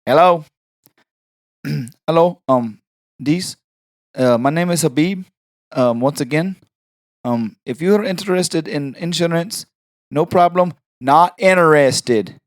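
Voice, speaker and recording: A man doing a halting scam telemarketer. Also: fairly high pitch, no room sound, clean studio sound. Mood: wheedling. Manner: slow, hesitant, broken phrasing. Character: halting male scam telemarketer with a fake accent.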